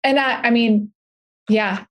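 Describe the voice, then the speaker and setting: A woman talking as a podcast guest, telling stories in a chatty, animated way with lots of "like". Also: fairly high pitch, takes it slowly, highs cut off. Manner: chatty, animated storytelling with frequent "like". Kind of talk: casual podcast conversation.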